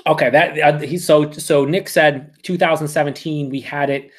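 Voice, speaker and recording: A man doing a live beer review, talking excitably and swearing a lot as he reacts to each sip. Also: on the high side, normal speed. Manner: excitable, profane, emphatic.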